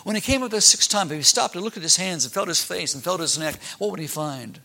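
A man with a high, fast voice and vocal fry tells children a Bible story. He's animated, asking the kids questions and acting out the characters.

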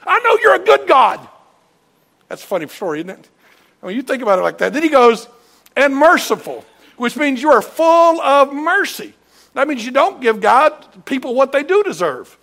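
A man preaching a sermon in a church, animated, acting out voices and shouting at peaks. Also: very high voice, fairly quick. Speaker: pastor. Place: church sanctuary.

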